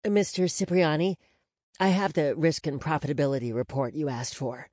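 A man's voice: a little high, fairly even intonation, moderate pace, darkish tone, no echo, clean studio sound, voice pushed up, lightly acted. Man voicing a polite female secretary. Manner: polite, businesslike.

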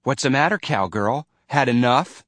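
A man's voice: medium pitch, expressive, normal speed, a bit bright, no room sound, voice pushed up, close to an everyday voice. A man voicing a mean teenage boy bully in a storybook reading, with a jeering manner. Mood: taunting. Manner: taunting, jeering.

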